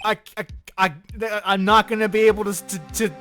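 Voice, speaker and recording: A man's voice: high-pitched, level tone, a little fast, bright, forceful tone, soft background music. A man voicing a hysterical young man on trial, wailing and stammering melodramatically.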